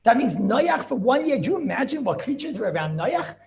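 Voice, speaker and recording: A man with telling a Torah story as a rabbi, acting out the characters in an animated way. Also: a little fast, gravelly. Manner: animated, acts out characters with shifting pitch.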